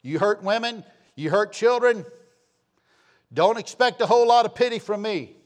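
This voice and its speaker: A man of sixty preaching a sermon, reading scripture slowly and loudly, then dropping to low, quiet asides. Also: animated. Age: 60s. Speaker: pastor.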